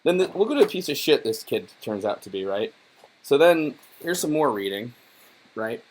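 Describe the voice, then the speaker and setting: A young man talks over a children's book in a loose, rambling way, full of "like" and "right?" and dropping curse words as he mocks the story. His voice sits at an ordinary middle pitch for a man. He sounds like a casual online creator doing an offhand, sarcastic commentary. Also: big pitch swings, normal speed. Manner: irreverent, profane, rambling with many fillers. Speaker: YouTuber reviewing a children's book.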